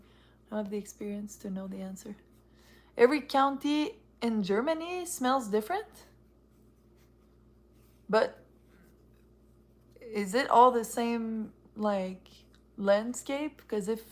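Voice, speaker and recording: Chatty woman streaming. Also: mid-range voice. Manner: chatty and rambling, reacting to viewer comments. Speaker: live streamer reviewing a tarot deck. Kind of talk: casual live-stream chat.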